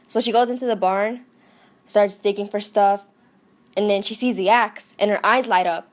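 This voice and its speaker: A woman telling a comic story in a casual, deadpan way full of slang. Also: medium pitch, unhurried. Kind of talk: comedic storytelling.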